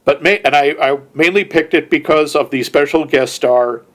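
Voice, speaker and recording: A man co-hosting a movie podcast, making measured, wry remarks in casual chat. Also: on the high side, a bit bright. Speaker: podcast co-host.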